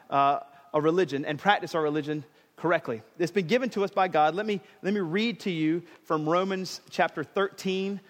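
A man's voice: on the high side, in a large hall. A man preaching a sermon in a casual, joking way, with modern slang. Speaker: pastor.

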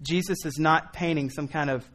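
A man preaching a sermon in an earnest, pleading way, moving from quiet reasoning to impassioned appeals. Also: fairly high pitch, fairly even intonation, moderate pace. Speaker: pastor.

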